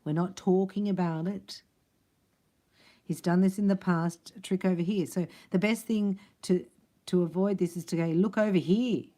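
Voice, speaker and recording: A woman's voice: lowish voice, steady tone, moderate pace, warm tone. A woman doing a casual tarot reading, chatty and rambling, with frequent laughs between her thoughts. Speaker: tarot reader.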